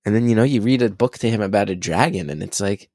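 A man in his thirties chatting casually, animated and excitable, swearing freely as he tells stories. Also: lowish voice, fast talker, no echo, studio quality. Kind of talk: casual conversation.

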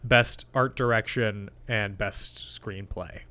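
A young man co-hosting a film podcast, reading out facts in a halting, relaxed way and chatting casually. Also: lowish voice. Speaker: podcast co-host. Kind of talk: casual chat.

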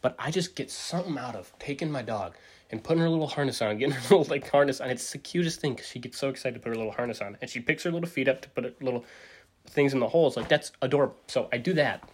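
A man in his forties rambling through a casual solo podcast monologue, full of fillers and restarts, jumping up in pitch to act out what others said. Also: very fast, husky. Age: 40s. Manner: acts out quotes with big pitch jumps. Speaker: podcast host.

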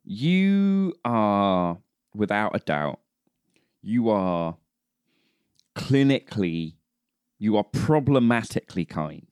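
Male podcast host, low voice, animated delivery, laughs a lot. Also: slow pace, pauses often, clear, resonant tone, no echo. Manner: laughs often, lively teasing, earnest praise. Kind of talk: casual chat.

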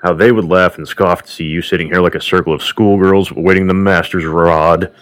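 A man's voice: sits low, fairly even intonation, a little fast, natural voice. A man voicing a testy old war counselor with a dry voice. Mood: scolding.

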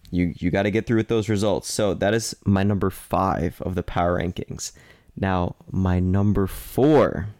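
A low, somewhat mellow male voice belongs to a sports podcast co-host who keeps things casual, talkative and playful. He often stops to correct himself mid-sentence; the studio sound is clean, with no room sound.

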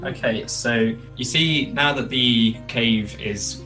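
A man's voice: medium pitch, takes it slowly, bright, forceful tone, soft background music, low-quality recording. A man narrating a tabletop game as game master, casual and often laughing.

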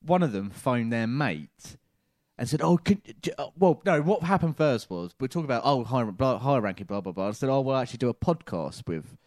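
A man's voice: medium pitch, a little fast, no echo, studio quality. A man co-hosting a podcast, casually telling an anecdote with lots of laughter and acted-out voices. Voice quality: animated, laughs often, acts out voices. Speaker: podcast co-host. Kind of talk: casual chat, storytelling.

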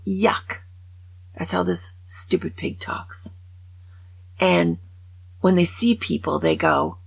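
An older woman hosting a talk show, giving wry, indignant opinions and dropping into breathy whispered asides. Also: sits low, rough recording. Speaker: podcast host. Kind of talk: opinionated casual monologue.

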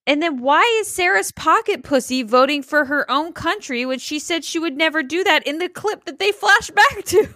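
A woman's voice: high-pitched, animated, normal speed, hardly any pauses, pushed and bright, dry recording, studio quality. A woman co-hosting a casual reality TV recap podcast, blunt and swearing heavily. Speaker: podcast co-host.

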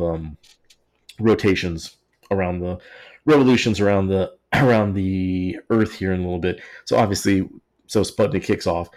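A man's voice: low-pitched, a little mellow. A man hosting a casual history podcast, telling it in a jokey, sarcastic way. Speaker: podcast host.

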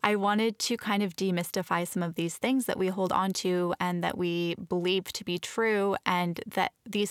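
A woman's voice: medium pitch, smooth, no echo, studio quality. A woman talking casually to camera about fitness, earnest and chatty, often restarting her sentences. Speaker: fitness vlogger. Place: Los Angeles area.

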